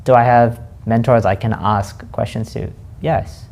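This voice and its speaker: A man hosting a reflective spoken monologue, slowly musing and asking himself questions aloud. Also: mid-range voice, fairly even intonation, creaky, darkish tone, a little hiss or hum. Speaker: host.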